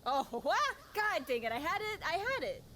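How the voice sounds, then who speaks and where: A woman's voice: very high voice, very animated, normal speed, a bit bright, slight background noise. A woman streaming a video game live, chatting casually, mocking herself and yelping at surprises.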